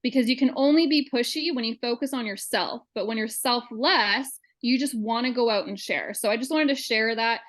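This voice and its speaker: A woman's voice: a little high, normal speed, few pauses, fairly bright tone. A woman on a video call sharing an earnest personal story, quoting what people said. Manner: earnest storytelling, quotes dialogue. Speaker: call participant.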